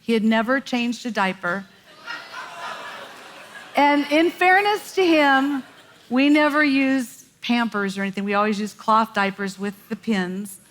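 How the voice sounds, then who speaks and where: A middle-aged woman tells a story from a church stage, her voice animated and often breaking into laughter. Her voice sits fairly high. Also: unhurried, a little hiss or hum. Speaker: pastor's wife sharing a story. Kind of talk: sermon storytelling.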